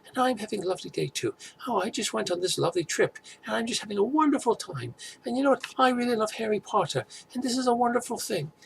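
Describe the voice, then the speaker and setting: A bubbly young woman chirps along in a high, sing-song voice as a man puts her on for a laugh. She gushes with nonstop cheer, and a little gravel still rasps under the voice. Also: lively intonation, fast, a little hiss or hum, low-quality recording. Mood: gushing. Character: chirpy upbeat young British woman vlogger.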